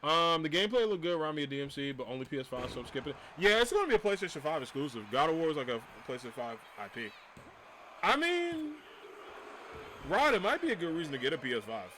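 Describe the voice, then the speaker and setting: A man talking to his live stream viewers in a loose, casual way, ranting and cursing with an easy laugh. His voice sits a little high for a man and swings widely up and down as he gets worked up. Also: fast talker, slight background noise. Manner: animated ranting, laughs often, swears. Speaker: livestreamer. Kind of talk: casual livestream chat.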